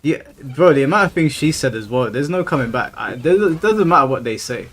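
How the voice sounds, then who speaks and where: A man's voice: medium pitch, animated, fairly quick, a bit bright, slightly rough, faint music behind. Ranting man on a live stream. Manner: ranting, profane, exasperated. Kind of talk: casual live-stream chat.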